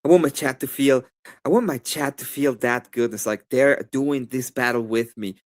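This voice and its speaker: A man with a Spanish accent, debating on a live stream in a rambling, animated way with many fillers and restarts. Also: medium pitch, normal speed.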